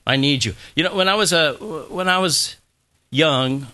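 A man's voice: a little high, normal speed, sharp tone. A middle-aged man preaching a sermon as pastor, talking in a conversational way, repeating phrases and having the congregation say words back.

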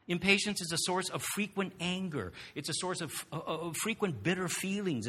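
Preacher man, bright and husky, lively pitch, long hall reverb. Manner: animated, asks the congregation rhetorical questions. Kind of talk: sermon.

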